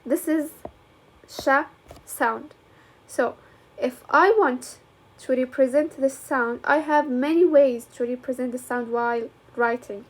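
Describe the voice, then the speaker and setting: A young woman with a Levantine Arabic accent, explaining slowly and deliberately, with frequent fillers. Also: sits high, slightly rough. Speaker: English teacher. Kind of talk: classroom lecture.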